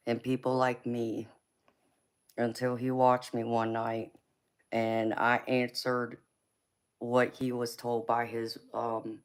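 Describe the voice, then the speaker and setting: A woman's voice: extremely low pitch, clear, resonant tone. A woman with a Southern US accent giving a casual live-stream tarot reading, greeting viewers with endearments and rambling with frequent fillers. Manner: affectionate, greets viewers with endearments like baby and honey; chatty and rambling, with frequent ums and you-knows.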